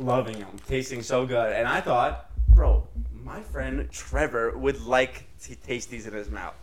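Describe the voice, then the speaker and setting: A man's voice: mid-range voice, fairly even intonation, a little slow, low-quality recording. A young man co-hosting a podcast, brash and profane, talking in casual crude banter with mock indignation. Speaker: podcast co-host.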